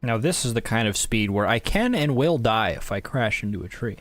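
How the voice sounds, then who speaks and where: A man's voice: on the low side, animated, normal speed, fairly bright tone, no echo. A man giving casual, rambling let's-play commentary with wry, self-mocking jokes. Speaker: gaming YouTuber.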